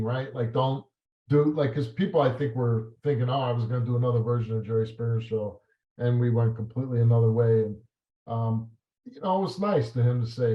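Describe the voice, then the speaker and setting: A man in an interview, telling stories and reminiscing in a halting way, with many fillers and restarts. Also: medium pitch. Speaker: talk show host as guest. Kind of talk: reflective interview answers. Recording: roomy and slightly dull sound.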